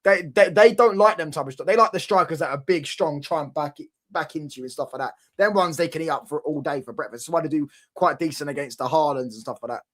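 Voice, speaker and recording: London lad hyping football to his chat, a bit high voiced, lots of bro and mate. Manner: excitable banter, quick bursts of emphasis. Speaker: livestream host. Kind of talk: casual football chat with viewers.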